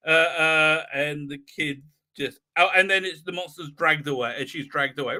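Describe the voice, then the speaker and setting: A man hosts a live stream, recapping an episode in a rambling, sarcastic way. He leans heavily on fillers and repeats himself. His voice is very bright and sharp, and it sits a little high. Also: steady tone, moderate pace. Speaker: host.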